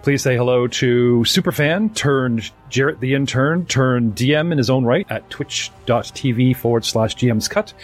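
Man, game master and host, chatty, upbeat, rambling, mid-pitched voice. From North America. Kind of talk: live-streamed tabletop game intro.

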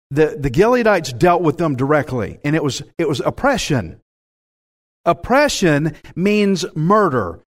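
A man with a Texan accent preaching a sermon in a folksy, self-mocking way, laughing at his own jokes. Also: on the high side. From Texas. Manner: folksy, animated, laughs at himself. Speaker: pastor.

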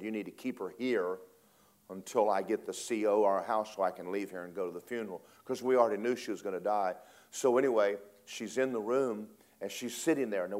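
A man preaching a storytelling sermon, animated, acting out voices and laughing often. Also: lowish voice.

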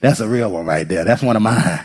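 A man preaching a sermon as pastor, playful and lively, laughing often and talking straight to the congregation. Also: on the low side, fairly quick, husky.

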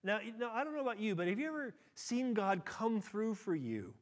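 A middle-aged man preaching a sermon, acting out quotes with big leaps in pitch and moving between quick and slow delivery. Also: sing-song. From United States. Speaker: pastor.

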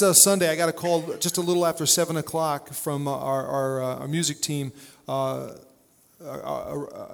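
A man preaching a sermon with a fairly high voice, loose and conversational, telling stories with frequent "uh" and "you know." His voice rings out with a long reverb, as if recorded in a large church hall. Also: creaky. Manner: conversational storytelling with frequent fillers. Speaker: pastor.

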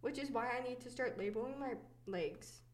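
A woman's voice: fairly high pitch, moderate pace. A young woman hosting a podcast, telling personal stories in casual chat, chatty and giggly with many fillers. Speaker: podcast host.

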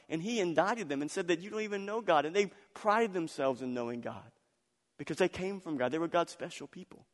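A male pastor preaching in a church, his slightly higher voice carrying a long hall reverb. He tells stories animatedly, laughing, then drops to a hushed, intimate tone for scripture. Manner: animated storytelling with laughs, swinging loud and soft. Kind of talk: sermon.

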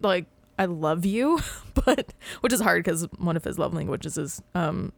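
A woman in her thirties chatting casually as a podcast co-host, rambling, filling her talk with "like" and breaking into quick laughs. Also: fairly low pitch, animated, gravelly, no echo. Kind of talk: casual chat.

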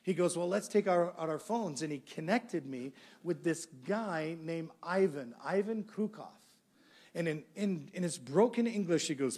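A man's voice: on the high side, moderate pace. A middle-aged male pastor preaching a sermon, telling a story and acting out the dialogue. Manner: animated storyteller, acts out dialogue.

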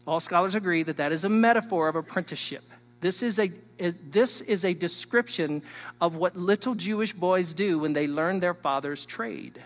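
A man preaching a sermon as a pastor, emphatic and teacherly, swinging between loud stresses and hushed asides while he speaks straight to his listeners. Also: sits high, normal speed. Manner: teacherly, addresses the listeners directly. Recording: long hall reverb.

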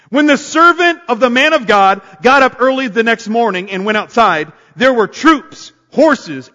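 A man preaching a sermon to a congregation, energetic and calling on them to answer back. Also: high-pitched, highs cut off. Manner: energetic, calls on the congregation to respond. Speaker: pastor. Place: church sanctuary. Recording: long hall reverb. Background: congregation responding.

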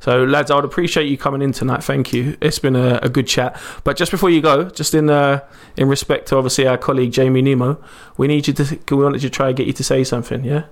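A man hosting a casual podcast chat, talking quickly and repeating himself as he goes. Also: medium pitch, fairly even intonation. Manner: rapid, chatty, repeats himself. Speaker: podcast host.

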